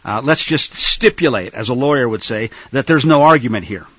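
A man preaching in an animated, rhetorical style, addressing listeners as folks, on a dull lo-fi recording. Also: mid-range voice, a little fast, breathy edge, dry recording. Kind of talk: sermon-style Bible teaching.

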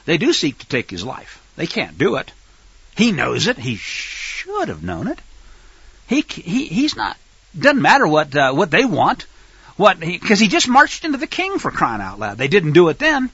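Animated, emphatic male Bible teacher. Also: on the high side, moderate pace, breathy edge, no echo, lo-fi sound. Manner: animated and emphatic, swinging from loud stresses to near-murmurs. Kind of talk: teaching sermon with scripture reading.

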